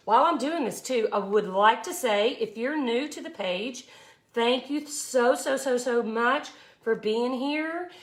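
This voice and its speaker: A woman, chatting effusively as she teaches a live glass art tutorial. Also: medium pitch. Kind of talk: casual live tutorial chat.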